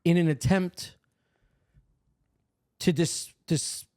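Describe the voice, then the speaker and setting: A man's voice: a little high, drawn-out words. A man riffing crudely and at length in a casual comedy podcast chat. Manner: rambling, crude, deadpan riffs. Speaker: podcast co-host or guest.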